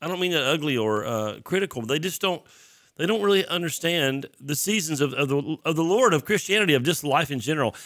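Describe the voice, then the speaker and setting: A man hosting a Christian show, talking casually and teaching, congested and often clearing his throat. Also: on the high side, expressive, fairly quick, a bit bright, no echo, studio quality. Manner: chatty, self-deprecating, throat clearing. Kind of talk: casual sermon talk.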